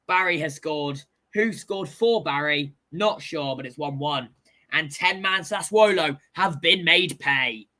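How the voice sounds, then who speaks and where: Male football show host, excitable and jokey, bright tone, unhurried delivery. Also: a little high. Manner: excitable and jokey, shouts over goals. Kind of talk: casual live football chat.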